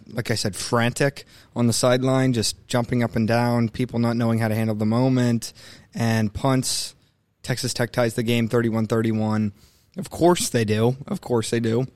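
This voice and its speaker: A young man co-hosting a casual sports talk show, animated and opinionated. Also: mid-range voice, no echo. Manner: animated, opinionated, mimics coaches mid-rant. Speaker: sports podcast co-host.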